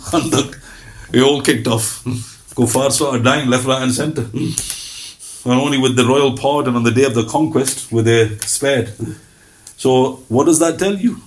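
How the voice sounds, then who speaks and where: A man preaching a sermon, telling stories with animated quoted voices and laughing between them. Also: medium pitch.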